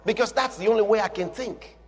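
A man preaching a sermon with emphatic, repetitive declarations that rise to shouting. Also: high-pitched, fast talker. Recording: long hall reverb with faint music.

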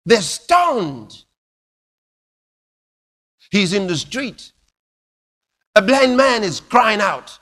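A man preaching a sermon, telling stories dramatically with sudden loud bursts and hushed drops. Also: high-pitched, sing-song, very slow, pauses often.

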